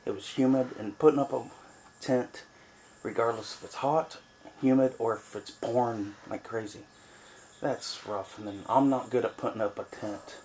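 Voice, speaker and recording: Man, casual vlog chat, rambling with fillers, middle pitch, small cabin, faint hiss. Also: steady tone, normal speed, a little mellow. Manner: rambling, chatty, many fillers. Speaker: vlogger on a cabin trip.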